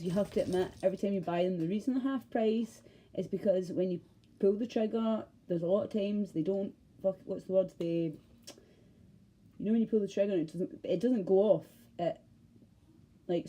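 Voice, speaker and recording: A woman's voice: medium pitch, a little fast, dark tone, poor audio. A woman with a Glaswegian accent, talking to camera in a passionate, profane, rambling monologue. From Scotland. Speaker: vlogger. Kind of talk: ranting monologue.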